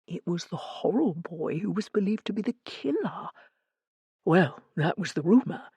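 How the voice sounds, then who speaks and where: A woman's voice: on the high side, huge pitch swings, moderate pace, husky, no echo, voice pushed up, exaggerated voice. A woman voicing Morris, a mild older man who confides rumours in a hesitant way, in an audiobook. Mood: confiding. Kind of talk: audiobook character voice.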